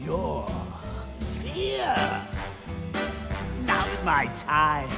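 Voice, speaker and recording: A woman's voice: fairly low pitch, huge pitch swings, extremely slow, creaky, heavily acted. A woman singing as a gleeful, mocking male clown crime villain who taunts and cackles, in a villain song. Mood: taunting. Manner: gleeful, mocking, breaks into laughter. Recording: vocals over loud music track.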